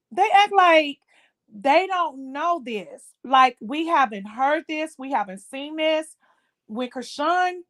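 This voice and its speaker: High-voiced indignant woman ranting. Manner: indignant, emphatic, repeats herself. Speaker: livestream host. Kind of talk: casual commentary chat.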